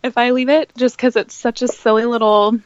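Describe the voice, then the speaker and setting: A woman's voice: a little high, flat delivery, fairly quick, no echo. A woman joins a podcast as a guest, chatting easily and laughing often. Her audio sounds dry and a little muffled and lo-fi. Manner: giggly, easygoing. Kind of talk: casual chat.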